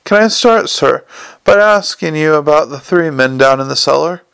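A courteous, unflappable young police captain, earnest and formal, as a male audiobook narrator reads him. The voice sits a little high with a gravelly edge and a dry, close sound. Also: expressive, normal speed, fairly bright tone, no echo. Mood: politely probing.

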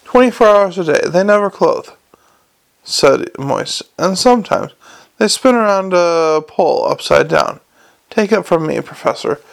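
Storybook con man: male reader playing a persuasive smooth talker, gravelly edge. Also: high-pitched, lively intonation, unhurried, exaggerated voice. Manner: glib and self-assured.

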